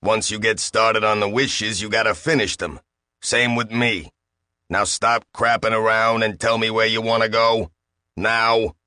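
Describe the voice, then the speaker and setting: Bossy, sarcastic machine with a slight accent, voiced by a man; lowish, dry delivery. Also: steady tone, measured pace, sharp tone, smooth, no room sound. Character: bullying, smarmy talking disruptor machine.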